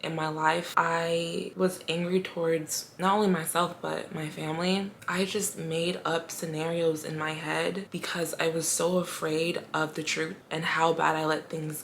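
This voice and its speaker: A young woman telling her personal story in a vlog, emotional and halting, pausing often to steady herself. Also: deep voice, creaky, a little hiss or hum. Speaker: vlogger.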